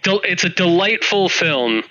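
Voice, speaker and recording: A man chatting casually as a podcast host, excitable, swearing freely and acting out quotes in funny voices. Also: high voice, unhurried, highs cut off. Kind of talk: casual chat.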